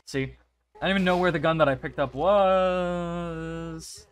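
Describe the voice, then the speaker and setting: A young gaming YouTuber's smooth, fairly high voice keeps a fairly even intonation and a measured pace during his casual commentary. He talks to himself and to the characters on screen, begging, cursing and celebrating as he plays.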